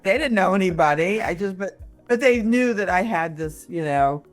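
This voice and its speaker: A woman in her sixties, from Michigan, talking as a comedian guest in a casual interview, animated and full of quick asides and restarts. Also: fairly low pitch, faint music behind. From Michigan, USA. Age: 60s.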